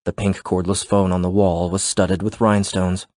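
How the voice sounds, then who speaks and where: Brief: male narrator, low voice, steady scripted delivery, dry close sound. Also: normal speed, no echo. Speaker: audiobook narrator.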